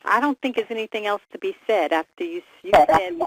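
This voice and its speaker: A woman's voice: a little high, sing-song, fairly quick, gravelly, rough recording. A woman hosting a call-in line, closing with encouragement and blessings for the listeners. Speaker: call host.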